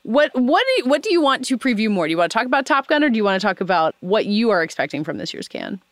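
A woman's voice: fairly high pitch, very animated, quick pace, no room sound. A woman hosting a casual podcast chat, leading the conversation and passing questions to her guests. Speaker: podcast host.

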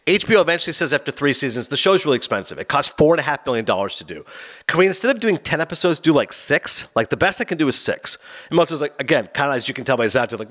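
Here a podcast co-host, a man, spins anecdotes animatedly, briefly voicing the characters he quotes. He's a fast talker with a medium-pitched voice.

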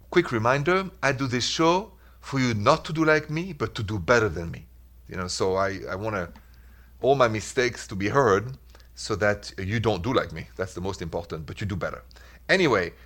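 A man's voice: lowish voice, a bit bright. A man hosting a radio advice show, talking in an earnest, reflective way with simple repeated phrases. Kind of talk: casual radio talk.

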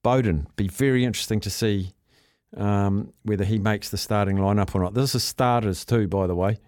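On the low side and darkish in tone, this radio host's voice keeps a normal speed. He's a New Zealander in a studio doing casual sports talkback, relaxed and joking as he reads listener entries, with studio-quality sound and no room sound.

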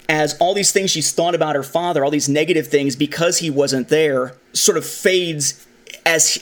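A man hosting a casual film discussion, talking with animation and acting out the lines he quotes. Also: a little high. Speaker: podcast host.

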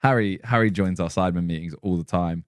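A man's voice: deep voice, fast, no room sound, clean studio sound. A man co-hosting a podcast in casual chat, joking and reading out numbered prompts in a teasing way. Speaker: podcast co-host.

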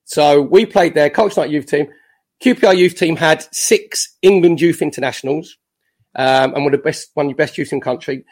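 A man in his fifties, a former footballer, telling lively anecdotes as a podcast guest with self-mocking jokes. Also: fairly high pitch, a little fast.

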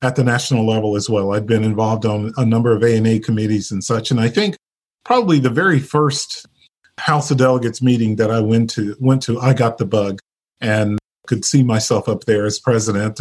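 A man's voice: fairly low pitch, darkish tone, slightly rough. A man from North Carolina, a guest telling his story in a casual interview, chatty, with lots of fillers and laughter. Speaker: interview guest, nurse leader.

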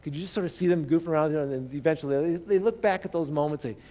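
A male pastor delivering a sermon, his voice sitting a little high for a man. He tells the story with lively, animated emphasis, then sinks into hushed asides. He keeps throwing rhetorical questions at the congregation. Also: fast talker, long reverb tail.

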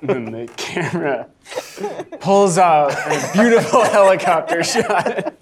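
Animated, slow-talking improv player. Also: mid-range voice, a crowd in the background. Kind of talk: in-character improv.

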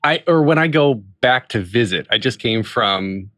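A man's voice: mid-range voice, measured pace, dry recording, clean studio sound. A man from North Carolina hosting a casual podcast, joking and restarting his sentences. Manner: animated, joking, many restarts. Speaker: host.

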